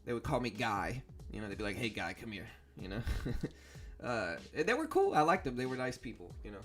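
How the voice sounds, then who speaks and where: A young man from South Louisiana with a Southern accent, hosting a stock trading livestream in a relaxed, rambling way with many fillers. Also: mid-range voice, brisk, soft background music. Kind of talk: casual livestream chat.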